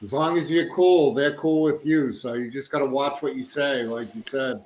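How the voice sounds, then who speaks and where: A man's voice: mid-range voice, moderate pace, a little mellow. A man with a Northeastern US accent, chatting casually and laid-back, calling his friend bro and dude. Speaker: veteran chatting. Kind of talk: casual chat. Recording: echoey room with faint ambience.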